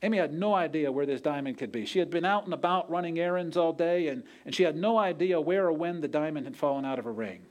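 A pastor with a fairly high, darkish voice preaches a sermon, talking fast with hardly any pauses. He tells a story earnestly, acting out the voices he quotes.

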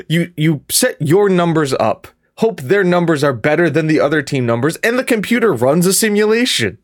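Rambling, higher-voiced man chatting. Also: no echo, clean studio sound. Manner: rambling, many restarts, quick asides. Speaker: podcast co-host and gaming video creator. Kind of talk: casual chat.

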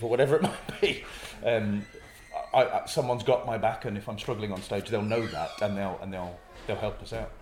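An improv comedian from North East England chats casually in an interview, acting out little scenes as he explains things. His lowish voice has a steady tone and a darkish quality, and he speaks a little fast. The room is echoey, with slight background noise.

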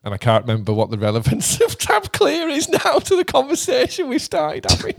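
A young British man in casual chat, animated and rambling, swearing and laughing often. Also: very high-pitched, brisk, creaky. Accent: British English. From Britain.

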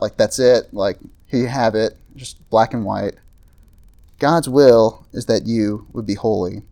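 A man's voice: medium pitch, a little mellow. A man preaching a sermon to a campus group in a casual, conversational way, tossing in asides and filler words. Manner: conversational, frequent "right?" and "like" asides. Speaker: pastor. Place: evening talk to a campus group.

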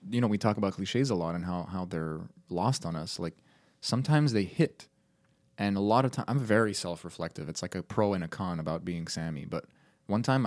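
A man's voice: deep voice, darkish tone, no room sound. A man co-hosting a podcast in casual chat, loose and self-mocking, swearing freely. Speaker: podcast co-host.

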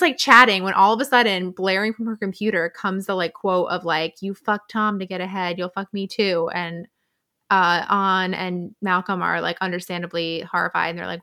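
A woman chatting as a podcast co-host, retelling a story with animated, dramatic flair. Her voice is bright and sharp, and she laughs often as she goes. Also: on the low side. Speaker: podcast co-host recapping a novel. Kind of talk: casual chat.

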